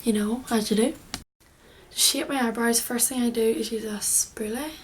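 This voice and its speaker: A woman's voice: fairly high pitch, fairly even intonation, normal speed, a little hiss or hum. A young woman giving a casual makeup tutorial, chatty and rambling, often dropping into a half-whisper. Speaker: beauty vlogger.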